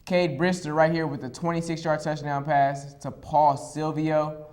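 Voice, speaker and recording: A young man reads through college football highlights as a sports show co-host. His voice is mid-range, and he stays upbeat, restarting phrases as he goes. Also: flat delivery, unhurried, darkish tone. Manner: upbeat, repeats himself when restarting. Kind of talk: highlight play-by-play commentary.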